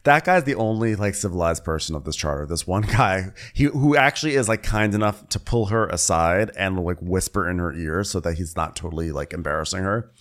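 A man co-hosting a comedic recap podcast, rambling and mocking people with quick impressions. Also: deep voice, lively intonation, fairly bright tone. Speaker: podcast co-host.

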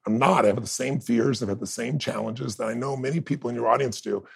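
A man in his fifties with a gravelly, husky voice tells his story as a podcast guest. He acts out what other people said and laughs along the way. His pitch sits in an ordinary middle range. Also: fast. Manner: acts out quoted dialogue, laughs often. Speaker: interview guest. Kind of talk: animated storytelling in conversation.

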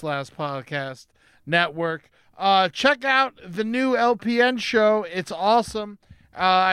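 A man hosting a casual comedy podcast from home, upbeat and quick to laugh. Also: sits high, pushed and bright, smooth, no room sound, clean studio sound. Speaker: podcast host. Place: home setup during lockdown.

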